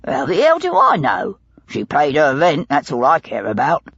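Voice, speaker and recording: Casting: woman doing a hulking rough man, husky and low, muffled audiobook sound. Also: huge pitch swings, moderate pace, heavily acted. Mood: sullen. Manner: rough, belligerent, coarse slang. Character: burly gruff male London lodging-house man.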